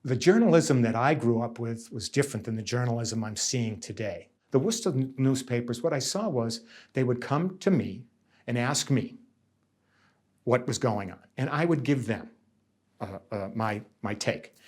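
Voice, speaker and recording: A middle-aged man from central Massachusetts speaks in an interview as a nursing union negotiator. He talks emphatically, doubles back on his words and slips into the voices of the people he describes. His voice sits at an ordinary middle pitch. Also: expressive, moderate pace, a little mellow. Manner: emphatic, repeats himself, voices others' words. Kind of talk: interview answers, reflective storytelling.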